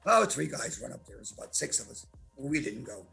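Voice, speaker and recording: Faint music sits behind this man in his eighties, a martial artist who tells brash, profane stories as a podcast guest. His husky, gravelly voice is medium in pitch, and he talks briskly and animatedly.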